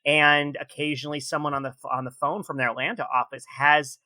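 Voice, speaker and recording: A man hosting a casual podcast chat, animated and quick to react. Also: a little high. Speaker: podcast host.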